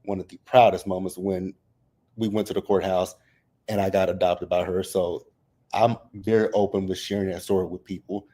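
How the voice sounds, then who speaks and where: A man's voice: low voice, level tone, moderate pace, mellow. A man in his thirties hosting a casual livestream recap, open and emotional as he talks about his family and fights back tears. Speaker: reality TV recap host.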